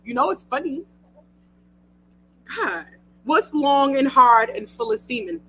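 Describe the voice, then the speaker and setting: A woman's voice: high voice, lively intonation, measured pace, a bit bright, slight background noise, poor audio. A young woman hosting a radio talk show, chatty and emotional, often laughing. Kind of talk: casual chat.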